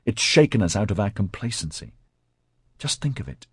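A man's voice: lowish voice, very animated, normal speed, breathy edge, no room sound, studio quality, heavily acted. A man voicing an eager, earnest young husband and father in an audiobook. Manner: enthusiastic, earnest.

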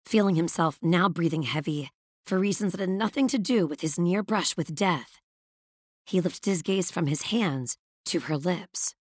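A woman narrates a novel in a measured, even manner with a lowish voice. Her reading is steady and close to the mic. The sound is dry, with no room echo. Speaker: audiobook narrator. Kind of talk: scripted narration.

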